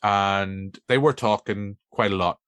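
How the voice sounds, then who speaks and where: A man's voice: on the low side, steady tone, unhurried, fairly bright tone, clear, resonant tone, dry recording. A middle-aged man with a Northern Irish accent hosting a film podcast, chatting in a rambling, self-mocking way. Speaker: podcast host. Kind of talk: casual chat.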